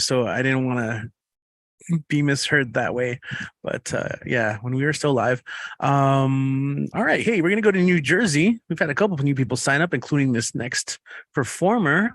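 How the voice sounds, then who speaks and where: A man's voice: mid-range voice, a bit bright, dry recording, studio quality. A man hosting an online open mic from home over a video call, upbeat and chatty, with fillers and self-corrections.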